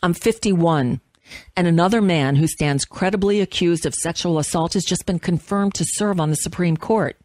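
Fifties lady host reading a piece out loud, lowish voice, real dry, slow and intense. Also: dry recording. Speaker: radio host. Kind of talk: dramatic reading of an essay.

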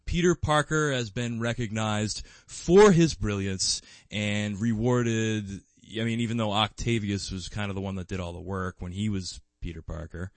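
A man's voice: fairly low pitch, normal speed, hardly any pauses, dry recording. A man co-hosting a podcast in casual fan chat, rambling with lots of fillers and restarts, with bursts of enthusiasm. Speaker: podcast co-host.

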